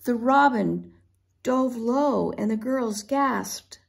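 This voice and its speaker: A woman reading a children's chapter book aloud, expressive and unhurried. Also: on the high side, gravelly. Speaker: storybook reader. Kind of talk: children's read-aloud narration.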